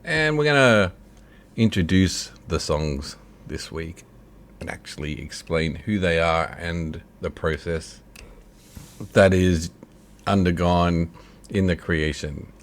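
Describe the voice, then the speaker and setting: A man's voice: sits low, expressive, slow. A man co-hosting a casual online radio show, joking and laughing with his co-host. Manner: jokey, laughs often, puts on a mock announcer voice.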